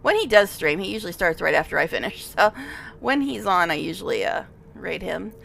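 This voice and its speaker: A woman's voice: fairly low pitch, lively intonation, brisk, creaky, fairly bright tone. A woman streamer giving casual gameplay commentary, chatty and giggly, with frequent laughs.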